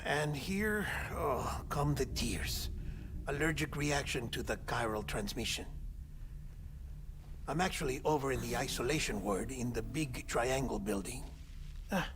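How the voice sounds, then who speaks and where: An actor playing a calm, commanding middle-aged male official in video game cutscene dialogue, measured and persuasive. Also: mid-range voice, background noise, natural voice.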